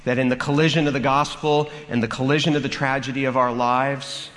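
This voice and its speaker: A man preaching a sermon, telling a funny story in an animated way and acting out the characters. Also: mid-range voice, fairly quick. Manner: animated, acts out the story with comic voices. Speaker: pastor. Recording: long hall reverb, faint room noise.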